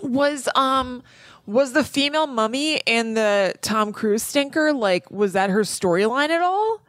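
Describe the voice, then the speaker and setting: A young woman co-hosting a podcast in casual chat, curious and chatty, often saying "like" as she asks quick questions. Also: fairly high pitch, animated, dry recording. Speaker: podcast co-host.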